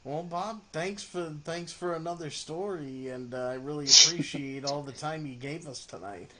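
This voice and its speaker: A man hosts a relaxed podcast chat in an easygoing way, laughing readily with his guest. His voice sits a little high for a man. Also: normal speed. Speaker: podcast host. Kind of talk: casual interview.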